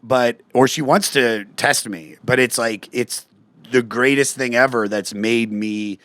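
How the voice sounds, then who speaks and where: Comedian guy on a podcast, mid-pitched, dry close mic, jumps up high when he quotes people. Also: a little slow, no echo. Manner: animated storytelling, acts out quotes in a raised voice. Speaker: guest comedian. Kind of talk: casual podcast chat.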